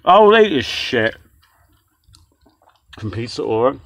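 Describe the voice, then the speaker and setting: A man's voice: medium pitch, sing-song, slow. A young man ranting as he reviews a takeaway meal, swearing constantly and rambling in exasperation, recorded indoors on a phone or camera held close. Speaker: vlogger reviewing takeaway food. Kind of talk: casual ranting food review.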